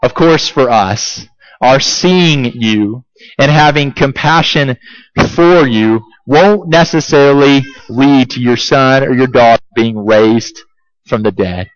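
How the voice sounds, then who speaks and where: A male pastor delivers a sermon at a slow, deliberate pace, pressing his listeners with one rhetorical question after another. His voice sounds close and dry, with a dull, muffled recording quality. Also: mid-range voice, dry recording. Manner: asks repeated rhetorical questions, emphatic and deliberate.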